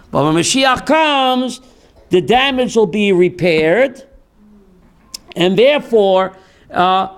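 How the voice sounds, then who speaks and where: A man's voice: high voice, gravelly. A rabbi teaching a class, quizzing listeners with call-and-response questions and acting out the voices he quotes. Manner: animated, drops into quoted voices. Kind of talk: teaching a class on Jewish theology.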